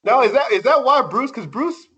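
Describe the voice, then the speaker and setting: A man co-hosting a podcast, chatting excitedly and stammering over his words. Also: very high-pitched, moderate pace, slightly rough. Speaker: podcast co-host. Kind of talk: casual interview chat. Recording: dull lo-fi mic.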